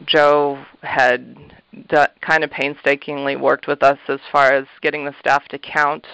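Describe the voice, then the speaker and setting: A man answers interview questions in an earnest, reflective way, pausing on fillers and small laughs. His voice sounds smooth and a little higher than most men's, with a flat melody. The audio is dry and slightly muffled. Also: dry recording. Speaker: thrift shop manager, interview guest.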